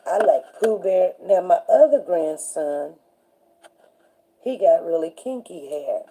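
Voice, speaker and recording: On a rough recording, a middle-aged woman speaks slowly in a mellow, animated voice on the low side. Her casual livestream talk show drifts through stories as she frequently asks her audience "you know what I'm saying."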